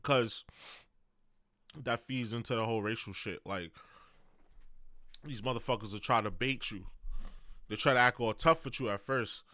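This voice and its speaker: A man's voice: medium pitch, normal speed, long pauses, bright, forceful tone, dry recording, studio quality. A man in casual chat on a gaming stream, explaining his view earnestly in street slang.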